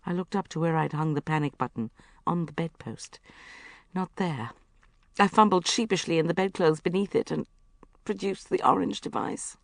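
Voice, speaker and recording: A woman narrating a comic first-person novel as an audiobook, wry and expressive. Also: on the low side, dry recording, studio quality.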